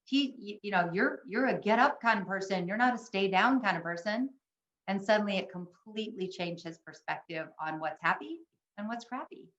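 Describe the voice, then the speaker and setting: A woman's voice: mid-range voice, expressive, moderate pace, fairly bright tone, reverberant, dull audio. An older woman co-presenting an online workshop, telling a family story earnestly, with many ums and restarts. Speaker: webinar co-presenter. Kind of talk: casual storytelling to an online audience. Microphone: video call.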